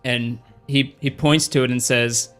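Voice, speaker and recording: A man narrating a tabletop game as game master in a casual, halting way. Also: medium pitch, fairly even intonation, fairly bright tone, faint music behind.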